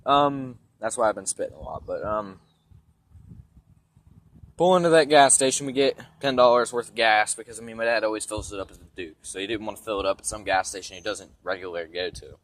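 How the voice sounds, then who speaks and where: A man's voice: fairly low pitch, fairly quick, a bit bright. A young man with congested sinuses telling a rambling, profane story about his truck in a blunt, casual way, outdoors beside parked trucks on a handheld phone camera. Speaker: vlogger giving a vehicle tour.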